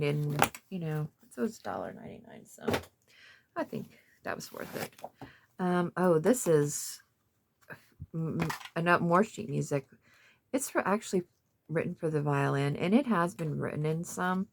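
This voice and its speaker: A woman in her fifties with a low, gravelly voice talks through a thrift haul in a loose, rambling way, full of fillers. A faint hiss sits under the recording. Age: 50s. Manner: rambling, chatty, many fillers. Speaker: craft vlogger. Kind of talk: casual show-and-tell of a thrift haul.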